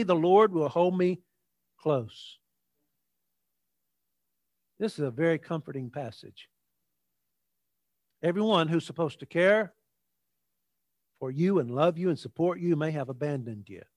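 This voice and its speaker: A man preaching a sermon, reading scripture slowly and repeating key lines for the congregation to say with him. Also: sits high, no echo, clean studio sound. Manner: emphatic, slows down for scripture and repeats key phrases; leads the congregation in call-and-response.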